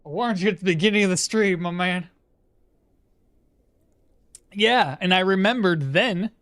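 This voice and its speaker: A game streamer chatting casually with viewers while playing, animated and talkative, breaking off to coo at a pet at home. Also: mid-range voice, measured pace, no room sound. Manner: animated, chatty, talks to chat and coos at a pet.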